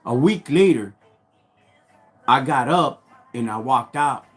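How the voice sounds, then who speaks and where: A livestream host recounts a story from his past, heavy on street slang and getting fired up and loud as he retells it. His medium-pitched voice has lively intonation and a breathy edge, and he takes it slowly over soft background music.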